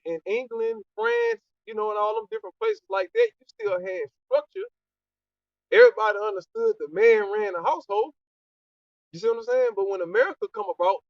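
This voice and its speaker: A man's voice: very high voice, big pitch swings, normal speed, dry recording. A man in a scripture study group arguing his points with emphasis and answering his own rhetorical questions. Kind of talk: heated discussion. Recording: distant, dull lo-fi, dry.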